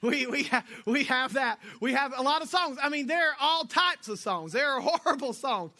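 A young man preaching a sermon as a pastor, animated and joking, swinging between loud bursts and soft asides. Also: extremely high pitch, normal speed.

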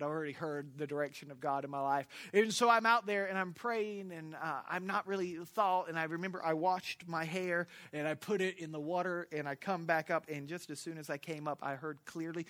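A man's voice: on the high side, bright, forceful tone. A man pastor from Florida with a Southern accent, preaching a sermon through humorous, folksy storytelling.

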